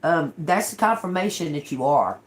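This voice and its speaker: A woman with a somewhat low voice reads tarot for her viewers in a loose, conversational way. She talks bluntly and with emphasis, curses freely and keeps asking "okay?" to make sure the point lands. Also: very animated, normal speed. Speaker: tarot reader. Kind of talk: casual tarot reading to viewers.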